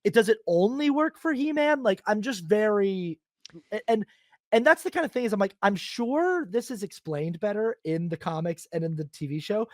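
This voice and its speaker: Brief: male podcast host, higher register, dry close sound, lively and jokey, quotes characters in put-on voices. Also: normal speed, no echo. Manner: animated, acts out characters in silly quoted voices. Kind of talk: casual film podcast chat.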